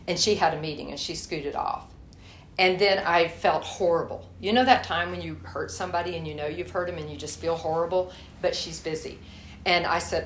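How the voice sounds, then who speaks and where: A woman's voice: lowish voice, moderate pace. A woman giving a candid, folksy sermon with a personal story, speaking to a church group and calling them y'all. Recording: echoey room, faint hiss.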